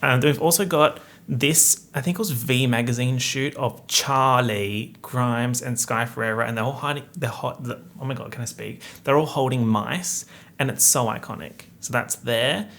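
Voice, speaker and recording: A man's voice: mid-range voice, moderate pace, a bit bright. A young man, hosting a casual solo podcast chat full of playful slang and asides. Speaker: podcast host.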